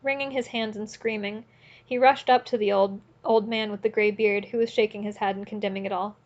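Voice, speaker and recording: A woman narrating an audiobook in a steady, earnest reading voice, now and then correcting a slip. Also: medium pitch, fairly quick, dull audio. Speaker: audiobook reader.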